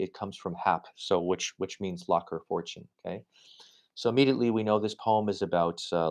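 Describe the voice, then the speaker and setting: Male university lecturer, middle-aged, lower register, loose explanatory delivery with frequent check-ins and rhythmic reading of poems. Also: darkish tone. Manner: reads poetry aloud with stressed rhythm. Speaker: literature lecturer.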